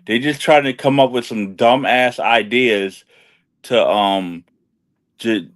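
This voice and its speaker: Young male co-host, mid-pitched, rambling and profane, stumbles and restarts. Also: slow. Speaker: podcast co-host. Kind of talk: casual banter.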